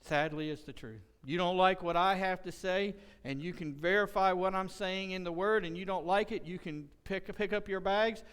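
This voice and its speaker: Impassioned high-voiced pastor in a hall. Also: male voice, moderate pace, few pauses, smooth. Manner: impassioned preaching, rising loud when quoting. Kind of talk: sermon. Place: church sanctuary. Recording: long church hall reverb.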